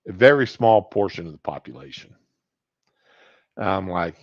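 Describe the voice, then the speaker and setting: A man's voice: low voice, lively intonation, measured pace, creaky, no room sound. A man in his fifties telling a rambling personal anecdote, correcting himself as he goes on a casual talk show. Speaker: podcast host. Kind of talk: casual storytelling monologue. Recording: dull lo-fi sound.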